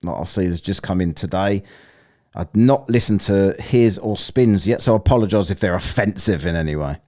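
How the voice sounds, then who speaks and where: A man's voice: low-pitched, normal speed, a little mellow. A man hosting a casual live-stream, rambling, swearing and laughing as he plays listener clips. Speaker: streamer hosting a soundbite contest.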